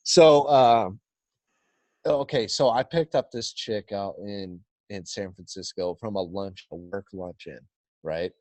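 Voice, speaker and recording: A man with a fairly low, slow, somewhat dark voice tells a story as a podcast guest, recorded without echo. His storytelling is casual, full of free swearing, and he acts out the quotes.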